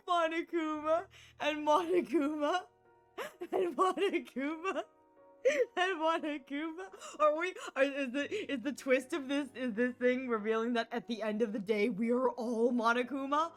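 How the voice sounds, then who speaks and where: A woman's voice: high-pitched, moderate pace, faint music behind. A woman streaming a game, laughing hard and squealing through casual commentary.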